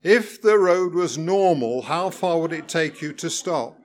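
A prickly, humourless driving examiner, as a man reads him out, clipped and pedantic, pressing heavily on each word. The voice sits a little higher and louder than the reader's own, a touch above a typical man's pitch. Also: animated, measured pace. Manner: pedantic, clipped, over-emphatic. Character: stiff, irritable male driving examiner.

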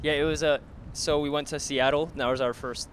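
A young man talks quickly and loosely, circling back and restarting his sentences. He is outside on a city street with faint traffic behind him, chatting casually with friends. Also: a little high, fairly even intonation. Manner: rambling, restarts often. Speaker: stand-up comedian. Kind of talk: casual chat while walking.

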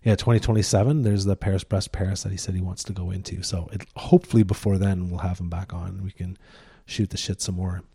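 A man's voice: deep voice, steady tone, fast, few pauses, dark tone, husky, no room sound, studio quality. A man hosting a podcast, laid-back, laughing easily and swearing casually while chatting and doing the outro. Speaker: podcast host.

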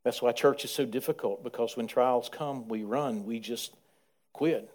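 A man, preaching a sermon in repetitive rhythmic phrases and swinging between quiet asides and loud, emphatic passages. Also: medium pitch, measured pace. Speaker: pastor.

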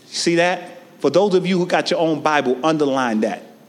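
A man a sermon, calling out to his congregation and swinging from shouted lines to hushed ones. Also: fairly high pitch, moderate pace. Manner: call-and-response preaching, swinging from shouts to near-whispers. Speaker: preacher. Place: church sanctuary. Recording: long reverb of a large hall.

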